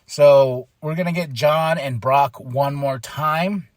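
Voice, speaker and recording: Excitable man recapping wrestling, dry mic. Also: on the high side, takes it slowly, no echo. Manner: excitable, laughs often, mimics wrestlers in quotes. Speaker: podcast host.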